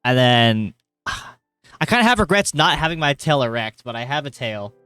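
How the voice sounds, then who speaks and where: A man's voice: medium pitch, big pitch swings, moderate pace, smooth, no echo. A young man talking casually on a late-night live stream from his bedroom, rambling and joking as he greets viewers with sudden bursts of energy. He sounds a little tired. The sound is dry and close, with faint music underneath. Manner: rambling, jokey, reads chat aloud with sudden loud greetings. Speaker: livestreamer. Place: hot bedroom.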